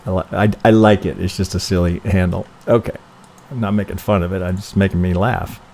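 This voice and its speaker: A man's voice: low-pitched, steady tone, fairly quick, creaky, darkish tone. A man reviewing trading charts on a live stream, thinking aloud casually, swearing freely and checking in with "right?" after nearly every point.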